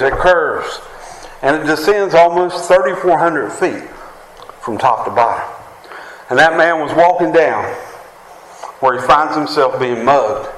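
West Virginian preacher calling out "Amen?". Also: male voice, medium pitch, a little hiss or hum. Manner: preaching with frequent "Amen?" calls to the congregation. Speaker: pastor. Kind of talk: sermon. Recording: echoey room with faint ambience.

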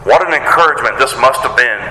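A man's voice: mid-range voice, quick pace, pushed and bright. A man preaching a sermon as pastor, earnest and emphatic, building his points through repeated phrases. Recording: echoey hall, faint noise.

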